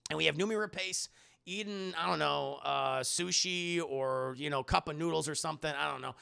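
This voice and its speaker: Young male streamer, raised pitch and heavy vocal fry; rambling, profane, chatty movie recap. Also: normal speed, bright, forceful tone. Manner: rambling and profane, many fillers. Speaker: streamer film reviewer. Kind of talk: casual spoiler review to live chat.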